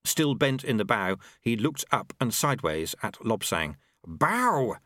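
A man reading a story aloud as narrator, with expressive storytelling. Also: fairly low pitch, moderate pace, no echo, clean studio sound. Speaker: audiobook narrator. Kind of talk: scripted narration.

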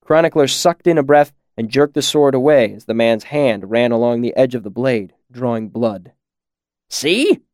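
A man narrating a story in a measured, expressive way. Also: mid-range voice, dry recording, studio quality. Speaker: audiobook narrator. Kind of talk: scripted narration.

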